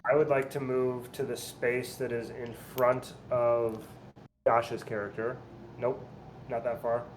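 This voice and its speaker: A man's voice: mid-range voice, level tone, unhurried, a little hiss or hum. A man playing a tabletop game, stating his moves plainly and easygoing. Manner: plain, easygoing, declares actions matter-of-factly. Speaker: player. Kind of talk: casual tabletop play.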